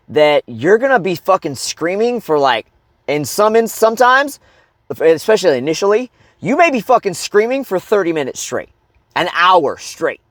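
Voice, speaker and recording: A man's voice: sits high, no room sound, studio quality. A middle-aged man coaching other men, talking bluntly with heavy swearing and checking in with "okay?" and "right?". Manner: blunt and heavily profane, keeps asking "okay?" and "right?". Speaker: life coach. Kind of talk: motivational advice talk.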